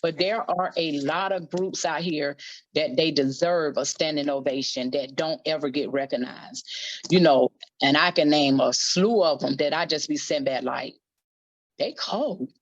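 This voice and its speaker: A woman's voice: low-pitched, steady tone, normal speed, dull audio. A woman, a gospel quartet singer, talking bluntly and colloquially as a guest in a candid interview. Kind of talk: candid casual interview talk.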